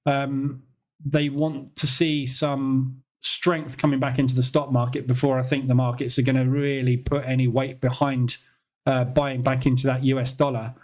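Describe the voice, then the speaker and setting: A man's voice: medium pitch, level tone, moderate pace, a little mellow. A man hosting a live trading stream, talking casually and incredulously, often laughing. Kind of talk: live market commentary.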